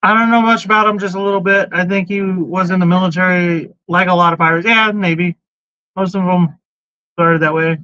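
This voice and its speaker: High, bright-voiced man hosting a podcast. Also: steady tone, brisk, smooth, no echo. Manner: blunt, swears freely, jumps between topics. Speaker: podcast host. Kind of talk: casual chat, reading out chat comments. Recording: dull, lo-fi sound, dry.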